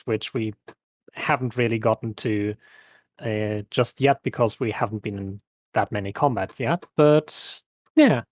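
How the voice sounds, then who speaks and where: A player introducing their character in casual chat, slow and hesitant with fillers. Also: medium pitch, a little mellow, no echo, clean studio sound.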